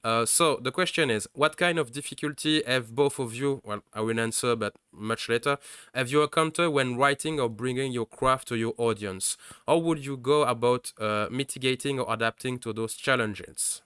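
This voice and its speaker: A man hosts a live interview in English, searching for words with many pauses and restarts. His voice is bright and smooth, with a crisp edge. The recording sounds close and dry. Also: mid-range voice, no echo. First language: French. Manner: hesitant, many fillers and restarts. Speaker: host. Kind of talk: casual live-stream interview.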